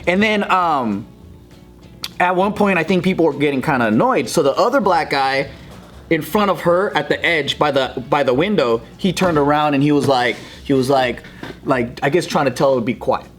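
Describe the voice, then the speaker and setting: A man co-hosting a podcast, telling a story in a casual, animated way, acting out the quotes and swearing freely. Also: on the high side, normal speed, soft background music. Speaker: podcast co-host.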